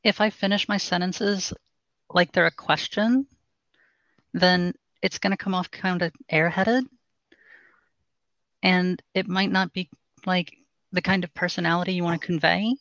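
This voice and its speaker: A woman voice coach speaks in a measured, instructive way during a podcast interview. Her voice has a gravelly, fried texture. The recording is dry and a little dull. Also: fairly low pitch, no echo. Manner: calm, instructive, measured explanations. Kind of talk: podcast interview, explaining voice training.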